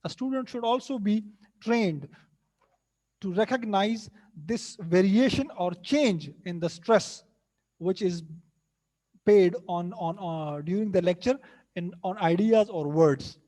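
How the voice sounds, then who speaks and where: High-voiced man lecturing. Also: slow, mellow. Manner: repeats himself and rephrases, hesitant fillers. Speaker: teacher. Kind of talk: lecture mixing English and Hindi.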